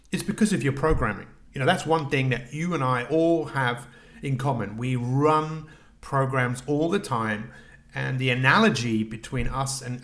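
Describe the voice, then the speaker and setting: A man's voice: mid-range voice, a bit bright. A middle-aged man hosting a solo coaching podcast, talking reflectively, asking the listener questions and restarting his sentences.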